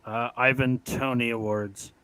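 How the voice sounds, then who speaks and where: A man's voice: mid-range voice, steady tone, a little slow, very noisy. A man co-hosting a fan show and playing trivia, offhand and wry. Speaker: trivia contestant and co-host. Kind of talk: casual fan-show banter.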